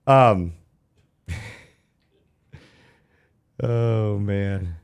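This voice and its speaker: A man's voice: lowish voice, very slow, smooth. A man co-hosting a finance talk show, asking rambling questions with lots of fillers. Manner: rambling, many fillers, joking. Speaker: show co-host.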